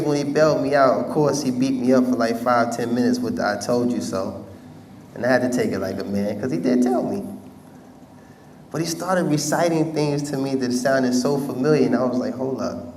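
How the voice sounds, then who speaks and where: American man, conversational storyteller, mid-pitched, mic set back, faint hiss behind. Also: darkish tone, recorded from a distance. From United States. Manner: conversational storytelling, addresses audience directly. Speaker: speaker telling his life story. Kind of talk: personal testimony talk.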